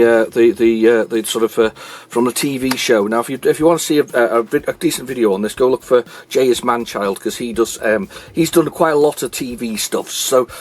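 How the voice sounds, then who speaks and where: A middle-aged man hosting a retro gaming video, chatting in a rambling way with many restarts and self-corrections. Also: medium pitch. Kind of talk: casual chat showing a collection.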